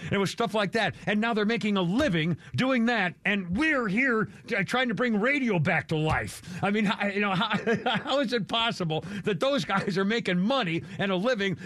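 A man's voice: high voice, expressive, normal speed, few pauses, fairly bright tone, dry recording. Rambling chuckling male radio host. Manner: rambling, chuckling, restarts often. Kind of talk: casual radio talk.

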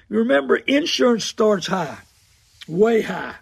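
A man's voice: high voice, moderate pace, creaky, slightly rough, no room sound, studio quality. An older man, talking as a radio host in a folksy, preachy monologue that repeats phrases for emphasis. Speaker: radio host and car dealer.

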